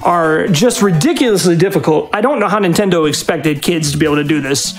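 A man's voice: fairly high pitch, a little fast. A man at a live speedrun marathon, giving doting, coaxing commands to his dog while explaining the game.

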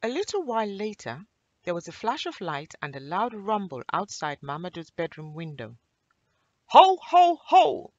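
Expressive woman reading a children's story. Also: on the low side, normal speed, no echo, dull audio.

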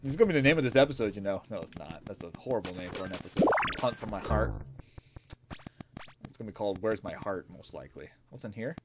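A man commenting as he plays a video game, excitable and jokey, talking back to the characters on screen. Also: on the low side, fast talker. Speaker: gaming video host. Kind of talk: let's play commentary. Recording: faint music behind.

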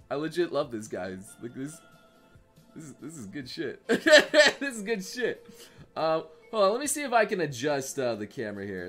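A young man chatting casually on a live stream, reading memes aloud, excitable and profane. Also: on the high side. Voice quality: excitable, profane, laughs often.

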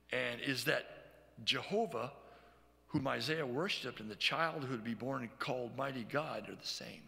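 A man preaching a sermon as pastor, teaching verse by verse, often checking in with "okay?" and reading scripture slowly. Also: mid-range voice, gravelly, bright, forceful tone, in a large hall. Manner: reads scripture aloud slowly.

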